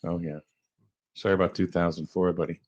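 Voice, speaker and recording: A man's voice: low-pitched, level tone, fairly quick, highs cut off. A man hosting a casual local morning radio show, rambling with fillers and chuckling as he talks.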